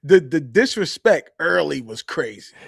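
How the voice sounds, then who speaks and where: This man co-hosts a casual book chat with a voice pitched a bit high for a man. He talks in an animated, slangy way and laughs often. The recording is dry and close-miked. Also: unhurried, vocal fry, slightly rough, no room sound. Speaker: book review co-host.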